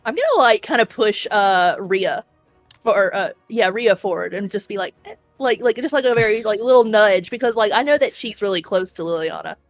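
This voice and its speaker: A woman at mid pitch plays along in a tabletop game, chatty and rambling as she fills her sentences with small words. Her voice is close and dry. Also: lively intonation, a little fast, no room sound, faint music behind. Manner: filler-heavy, rambling. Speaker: player. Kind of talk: casual tabletop play.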